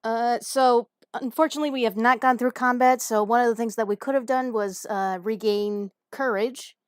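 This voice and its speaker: A woman's voice: on the high side, steady tone, moderate pace, no room sound. Giggly woman player, dry sound. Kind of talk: casual game play chat.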